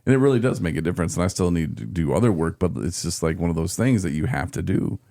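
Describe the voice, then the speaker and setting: A man's voice: deep voice, lively intonation, fast talker, dark tone, no room sound, studio quality. A man co-hosting a podcast, chatting candidly with a laugh and a slight trouble with his S sounds. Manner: candid, laughs while telling stories. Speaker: podcast co-host. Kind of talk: casual chat.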